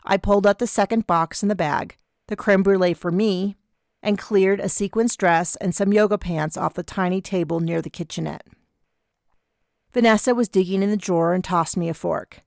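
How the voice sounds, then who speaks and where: A woman narrating a first-person audiobook in a measured, wry way. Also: medium pitch, gravelly, a little mellow, dry recording, studio quality.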